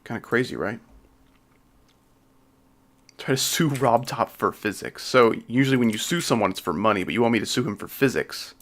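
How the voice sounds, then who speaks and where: A man's voice: medium pitch, moderate pace, pauses often, a bit bright. A man with a slight Southern accent, chatting casually and jokingly with his livestream chat while he builds a game level. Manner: laid-back, joking, reads and answers chat. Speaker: game streamer.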